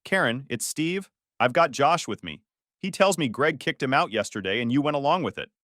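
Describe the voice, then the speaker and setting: Man playing a stern foreman uncle, firm, coldly calm, lively delivery. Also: mid-range voice, normal speed, no echo, clean studio sound, close to an everyday voice. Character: middle-aged construction foreman uncle, protective and angry.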